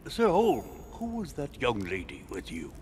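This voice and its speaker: An actor playing a reserved, dignified statesman in a video game, speaking in a measured, formal way. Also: medium pitch, huge pitch swings, a little mellow, big-room sound, a little hiss or hum. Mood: inquisitive.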